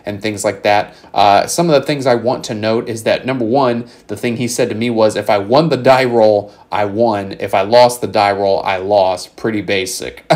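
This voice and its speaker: A man's voice: fairly low pitch, a little mellow. A young man casually breaking down a card game deck in a hyped, joking, profane way, talking into a desk mic at home. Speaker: card game content creator.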